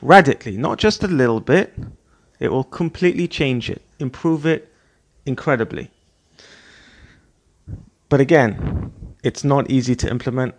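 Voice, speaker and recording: Earnest middle-aged male host, motivational monologue, repetitive delivery, average pitch. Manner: earnest, repetitive, acts out scolding parent voices. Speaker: podcast host.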